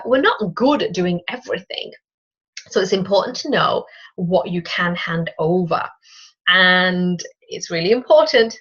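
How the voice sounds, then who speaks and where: Husky-voiced woman chatting about business, talks right at you, kinda dull lo-fi sound. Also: medium pitch. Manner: chatty and lively, talks straight to the listener. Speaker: podcast host. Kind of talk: casual solo business talk. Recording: dull lo-fi recording.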